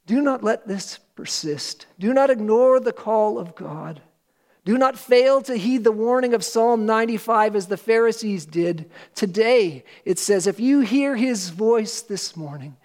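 A pastor preaching a sermon to a church congregation, earnest and emphatic, with slow, weighty pauses. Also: male voice, high-pitched, darkish tone.

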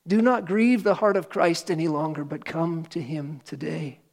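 Man, high voice, pastor, earnest emphatic sermon, deliberate pauses. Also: steady tone, vocal fry. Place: church.

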